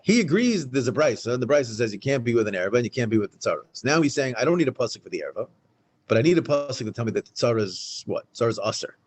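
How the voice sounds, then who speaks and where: Man, Talmud lesson, very fast, emphatic. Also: medium pitch, husky, poor audio. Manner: animated, restates points, fast and emphatic. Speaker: Talmud teacher. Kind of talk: Daf Yomi Talmud class. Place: synagogue study hall, in front of a small class.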